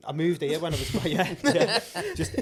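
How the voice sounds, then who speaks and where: A man's voice: on the high side, animated, normal speed, a crowd in the background. A man with a Scouse accent, chatting casually on a podcast, laughing often and hesitating with fillers. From born in Manchester, grew up on the Wirral. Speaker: guest.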